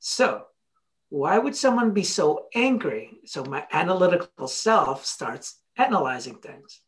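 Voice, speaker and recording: A motivational speaker talking through stories in a podcast chat. The delivery is blunt and animated, voicing both sides of remembered conversations. Casual swearing runs through it. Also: mid-range voice, a little slow.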